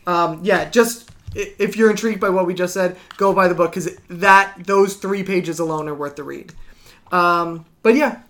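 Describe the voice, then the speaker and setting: A man's voice: high voice, normal speed, a bit bright. Guy cohosting a podcast, eager and rambly, lots of ums and yeah yeah yeah. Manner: enthusiastic, rambling with many restarts and fillers. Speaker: podcast co-host. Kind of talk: casual chat about comics.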